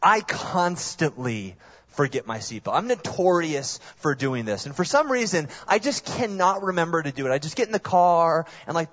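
Give me a man with a fairly high voice delivering an animated sermon, muffled lo-fi sound. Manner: animated storytelling with sudden drops to quiet. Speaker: guest pastor.

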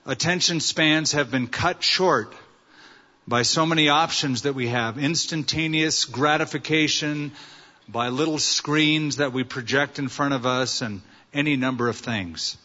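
A man's voice: on the high side, pushed and bright. A male pastor preaching a sermon, earnest and story-telling, using rhetorical questions. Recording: dull sound with long hall reverb.

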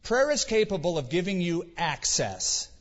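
A man's voice: high-pitched, big pitch swings, normal speed. A man preaching a sermon in a casual, conversational way, acting out quotes with mock voices. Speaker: pastor. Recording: dull sound with long hall reverb.

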